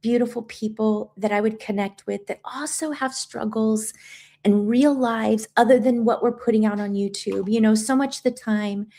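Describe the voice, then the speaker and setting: A woman's voice: on the high side, fairly even intonation, moderate pace, mellow. A woman hosting a livestream, talking earnestly while crying and reading viewer comments aloud. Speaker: livestream host.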